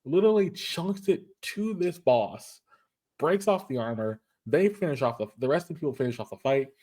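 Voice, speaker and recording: A man's voice: fairly high pitch, expressive, normal speed, mellow. A man hosting a casual show, retelling an anime episode in a rambling way with many restarts. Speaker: podcast host.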